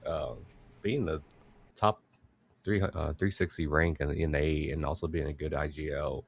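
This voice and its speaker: A male esports analyst talks haltingly through match analysis, full of fillers. His voice is extremely deep with gravelly fry, and a faint hiss of noise sits behind it. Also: fairly even intonation. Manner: hesitant, many fillers. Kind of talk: casual commentary chat.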